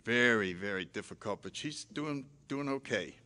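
Bright-voiced older man telling his story. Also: fairly low pitch, normal speed. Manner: animated, self-mocking, acts out his own past lines. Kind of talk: personal storytelling talk.

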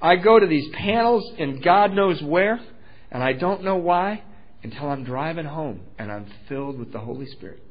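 A middle-aged man shares his recovery story in a lively, joking way, acting out the voices in it. His voice sits fairly high. The recording is dull and lo-fi. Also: normal speed. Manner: animated storytelling, acts out voices, laughs at own jokes. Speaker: AA speaker sharing his story. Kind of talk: personal recovery talk at a meeting.

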